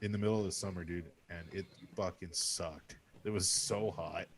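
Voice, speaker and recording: A man's voice: low-pitched, steady tone, moderate pace, gravelly, slightly rough. A young man co-hosting a podcast, rambling through casual chat with fillers and swearing. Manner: rambling, filler-heavy, profane. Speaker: podcast co-host.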